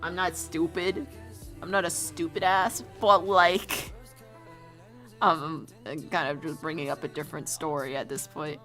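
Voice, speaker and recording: A woman's voice: low voice, flat delivery, a little slow, pushed and bright, soft background music. A young woman chatting casually while she draws on stream, rambling, giggling and swearing offhand. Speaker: streamer drawing a storyboard. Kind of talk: casual chat while drawing.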